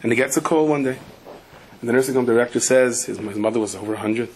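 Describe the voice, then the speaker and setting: Animated male rabbi telling a story. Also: medium pitch, fast talker, a little hiss or hum. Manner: animated storyteller, acts out the people in his stories. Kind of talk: sermon with storytelling.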